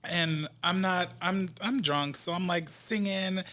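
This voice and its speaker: A man from New Jersey, an R&B singer, telling stories as a guest in a casual interview, animated and laughing often. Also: sits high, a little slow.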